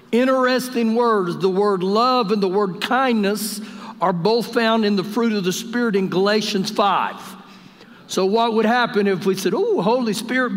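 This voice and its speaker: A pastor preaching a live Sunday sermon in a church, jovial and speaking straight to the congregation. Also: male voice, high-pitched. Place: church sanctuary during service. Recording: long church reverb.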